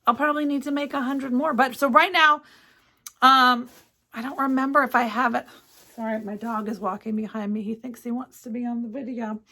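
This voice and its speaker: A woman chatting casually to camera as a cross-stitch vlogger in her home craft studio, gushing and excitable as she talks. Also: on the high side, brisk.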